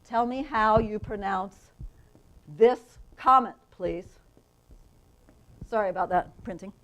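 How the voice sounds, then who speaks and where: A woman who teaches reading methods at a university, giving a lively professional development lecture to teachers and often checking in with the audience. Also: mid-range voice, slow, slight background noise, poor audio. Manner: enthusiastic, asks the audience questions, frequent "right?". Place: conference room.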